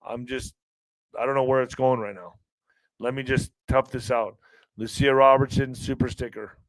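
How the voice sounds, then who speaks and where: A man's voice: medium pitch, fairly even intonation, moderate pace, fairly bright tone, dry recording, low-quality recording. A middle-aged man hosting a livestream, chatting casually and reading viewer comments. He sounds emotionally strained and weary, talking in an earnest, rambling way with many restarts. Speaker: livestream podcast host.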